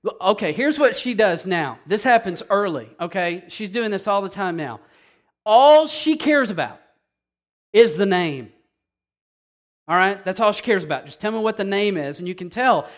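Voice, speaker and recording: A male pastor delivers a sermon in a casual, chatty way, mixing scripture with humorous asides. His voice rides slightly above the usual male pitch. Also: expressive, moderate pace. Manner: conversational preaching, asides and humor.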